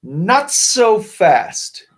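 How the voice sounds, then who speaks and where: A man voicing a harsh, strict woman substitute teacher in a picture-book read-aloud, speaking in slow, sharp commands. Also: high-pitched, very animated, husky, voice pushed up, heavily acted. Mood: stern.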